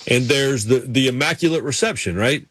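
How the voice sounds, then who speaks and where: A man's voice: medium pitch, moderate pace, fairly bright tone, husky, dry recording. Man, co-host, chatty, self-deprecating, casual sports chat, dry close sound.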